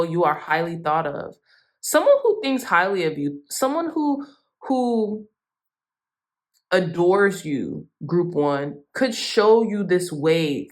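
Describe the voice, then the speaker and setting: A woman giving a chatty, effusive tarot reading straight to her viewers. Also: medium pitch. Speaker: tarot reader.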